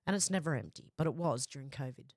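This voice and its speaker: A woman's voice: rumbling low, animated, quick pace, a little mellow, no echo. A woman hosting a livestream, reading viewer comments aloud in a chatty, laughing way, close to a desk microphone. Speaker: livestream host reading chat. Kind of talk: casual livestream chat.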